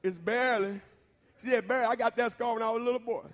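A Southern American preacher with a fairly high voice tells a folksy story in his sermon and keeps checking in with his listeners. His delivery swells into shouted points. The sound carries a long hall reverb. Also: fairly even intonation, fast talker. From Southern United States. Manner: folksy and talks straight to the audience, building to shouts.

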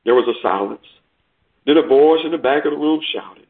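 A man's voice: mid-range voice, moderate pace, husky. A male preacher telling a story in a sermon, emphatic and often repeating words. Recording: tinny phone-like recording.

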